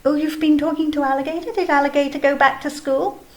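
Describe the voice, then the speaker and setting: A woman teaching a kindergarten video lesson, explaining patiently in a gentle, sing-song way. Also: sits high, fairly even intonation, quick pace. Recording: echoey room, faint background ambience.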